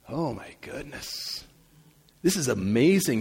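A male pastor preaching a sermon, swinging between loud emphasis and soft asides. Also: a little high, expressive, a little slow, gravelly, husky, long reverb tail.

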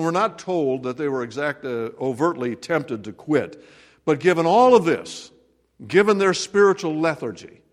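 A man preaching a sermon, earnest and direct, who acts out the voices of people in the scripture and puts pointed questions to his listeners. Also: a little high. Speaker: pastor.

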